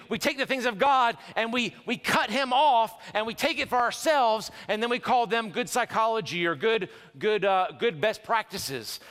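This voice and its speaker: A male pastor preaching a sermon in a church sanctuary, animated and conversational with quick restarts and jokes. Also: high-pitched. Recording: long church hall reverb.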